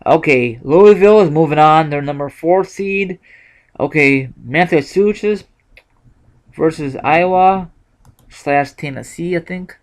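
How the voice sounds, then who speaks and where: A man's voice: a little high, unhurried. A young man in a casual vlog, thinking aloud with lots of ums and self-corrections. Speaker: YouTuber sharing bracket picks.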